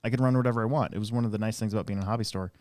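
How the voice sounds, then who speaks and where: Low-voiced man telling rambling stories. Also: fairly even intonation, rapid-fire, a little mellow, dry recording, clean studio sound. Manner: rambling anecdotal storyteller, many fillers. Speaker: host and RC track operator. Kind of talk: casual live-stream chat.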